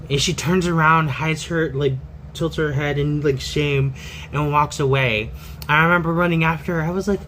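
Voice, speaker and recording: A man's voice: on the high side, moderate pace, fairly bright tone, a little hiss or hum, low-quality recording. A man telling a personal story in a candid, rambling way, full of fillers and restarts.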